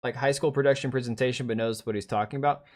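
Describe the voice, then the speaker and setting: A man's voice: mid-range voice, fairly even intonation, fast, a little mellow. Blunt, rambling man chatting on a livestream. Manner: rambling, blunt and opinionated, with frequent restarts and asides to chat. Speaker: livestream host. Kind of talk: casual livestream chat.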